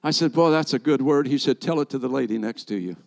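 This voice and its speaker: A man's voice: medium pitch, fast, creaky. Man preaching a story-filled sermon. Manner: animated storyteller acting out dialogue. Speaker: rabbi preaching.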